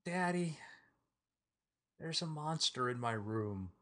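A whiny little girl, scared of a monster in her room, as a man puts her on. The voice is nudged higher than his own, plainly a grown man's imitation. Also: expressive, takes it slowly, a crowd in the background.

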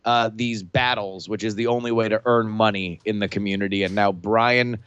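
A man recapping a tabletop adventure, pausing often on fillers. His voice is smooth and resonant. The recording is dry and somewhat dull. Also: fairly low pitch, steady tone, fairly bright tone, no echo. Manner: halting, many fillers. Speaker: player. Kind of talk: recapping the story.

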